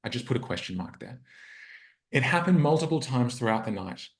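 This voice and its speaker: This man's medium-pitched voice is expressive and fairly quick. As a relationship coach on a podcast interview, he earnestly reflects on a personal story and acts out his inner dialogue. Echo fills the space around him.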